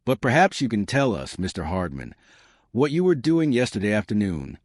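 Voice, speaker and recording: A man's voice: fairly low pitch, sing-song, normal speed, no echo. A man doing a dry, precise detective. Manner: precise, dry, formal questioning. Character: fastidious, dry foreign detective, middle-aged man.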